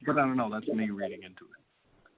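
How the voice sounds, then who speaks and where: A man's voice: on the low side, a little fast, noisy background. A male actor being interviewed on the radio, talking in a loose, rambling way full of fillers. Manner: rambling, many fillers and restarts. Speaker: actor guest. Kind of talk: casual interview chat. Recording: tinny phone line, dry.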